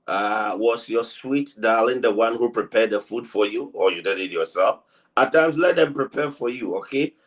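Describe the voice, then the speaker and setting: Chatty Ghanaian man hosting a live stream. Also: medium pitch. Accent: Ghanaian English. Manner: chatty, repetitive greetings to viewers by name. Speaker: live online news show host. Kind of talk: live stream greeting viewers.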